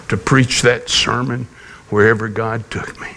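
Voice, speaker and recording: Man, pastor, folksy storyteller, bright clear tone, slow unhurried delivery. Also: lowish voice, flat delivery. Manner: folksy storytelling with gentle humor. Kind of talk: sermon.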